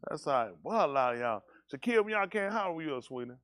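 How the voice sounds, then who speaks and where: A man's voice: a little high, big pitch swings, fast, fairly bright tone. A man leading a congregation, bantering casually and teasing people in a joking, folksy way.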